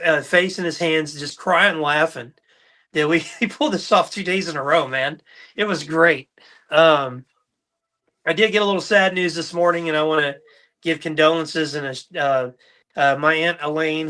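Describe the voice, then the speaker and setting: Bright-voiced middle-aged man telling stories. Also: a little high. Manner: storytelling, animated, mimics voices in anecdotes. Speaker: podcast host. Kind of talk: casual chat.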